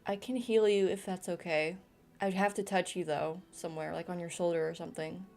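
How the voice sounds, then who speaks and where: A woman voicing a gentle young female archer who heals, speaking softly and hesitantly in her own voice. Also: lowish voice, fairly even intonation, fairly quick, vocal fry.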